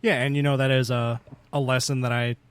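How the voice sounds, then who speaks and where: A man's voice: mid-range voice, flat delivery, fairly quick, clear, resonant tone, dry recording. A man co-hosting a podcast, chatting casually with short, wry remarks and reactions. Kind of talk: casual chat.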